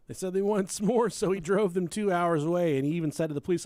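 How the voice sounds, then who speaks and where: Talking quickly with hardly any pauses, a man with a high, warm voice hosts a podcast on a true crime case. The recording has no echo. He keeps it casual, joking and swearing while mimicking people in silly voices.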